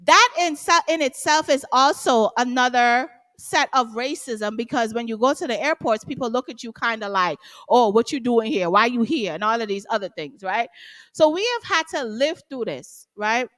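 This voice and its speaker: Interview guest: woman, high voice, emphatic and passionate. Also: animated, moderate pace, fairly bright tone. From Guyana. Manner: emphatic, passionate, rhetorical tags like "right?". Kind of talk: casual interview talk.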